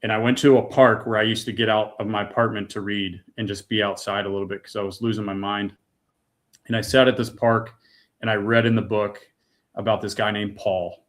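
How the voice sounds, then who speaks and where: A man's voice: lowish voice, level tone, brisk. A middle-aged man from the United States giving an emotional personal testimony, earnest and raw, repeating words when moved. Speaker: guest.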